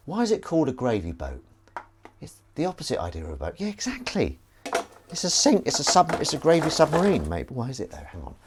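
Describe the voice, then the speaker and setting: A man's voice: lowish voice, background noise. A man live-streaming as he washes dishes at his kitchen sink, rambling wryly to his viewers as he goes. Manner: chatty, wry, talks while doing chores. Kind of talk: rambling casual chat to viewers.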